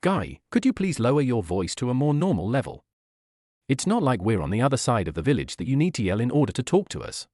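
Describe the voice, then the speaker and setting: A man's voice: medium pitch, very animated, quick pace, darkish tone, dry recording, clean studio sound. A man reading aloud as a weary, exasperated adult woman ninja teacher in a fan story.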